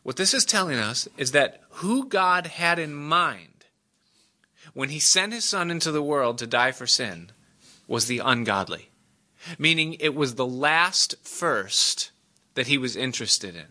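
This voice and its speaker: A man's voice: medium pitch, expressive, measured pace, sharp tone. A man preaching a sermon in a conversational way, explaining scripture, telling stories and chuckling between points. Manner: conversational, chuckles often, tells jokes and stories.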